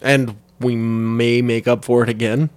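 A man's voice: mid-range voice, little pitch movement, a little slow, darkish tone, clean tone, no room sound. A young man co-hosting a casual chat, swearing freely and laughing often as he banters. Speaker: podcast co-host.

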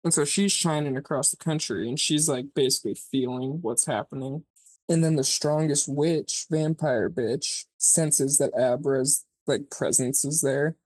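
A podcast co-host casually retelling a movie plot, rambling and swearing, filling every pause with "like" and acting out the characters' lines. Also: mid-range voice, darkish tone, slightly rough, dry recording. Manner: rambling, profane, peppered with "like"; acts out characters' lines mid-story.

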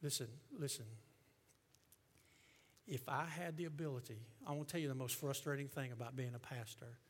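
A male pastor preaching a sermon to his congregation, swinging from hushed tones to loud, fervent passages. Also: medium pitch, fairly even intonation, brisk. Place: church sanctuary with congregation.

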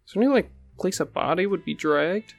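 A man's voice: high voice, animated, brisk, vocal fry, no room sound, faint music behind. A man player in a tabletop game, asking questions hesitantly with many fillers.

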